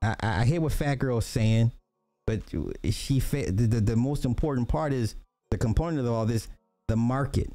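A man's voice: medium pitch, normal speed, warm tone, soft background music. A man hosting a casual reaction commentary, blunt and profane, with joking asides. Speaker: commentary host reacting to clips.

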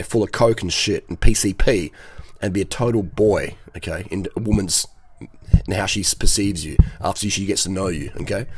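Brief: man, low husky voice, blunt and profane, rambling advice monologue. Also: no echo. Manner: rambling, swears freely, keeps checking in with "okay?". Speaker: dating advice speaker.

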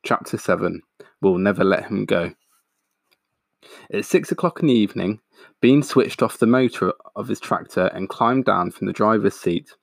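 A man reading a picture book aloud in a steady, expressive way, pointing out the pictures. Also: on the low side, moderate pace, creaky, no echo, clean studio sound. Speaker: storyteller.

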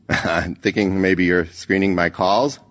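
A man voicing a steady but nervous man leaving a hesitant phone message. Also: low voice. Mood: tender worried. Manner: hesitant, halting.

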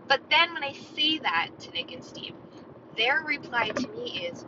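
A woman's voice: on the high side, lively intonation, normal speed. A woman hosting a podcast alone, chatting casually and rambling to herself. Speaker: podcast host. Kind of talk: solo casual chat. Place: inside a moving car. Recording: muffled, with loud car road noise.

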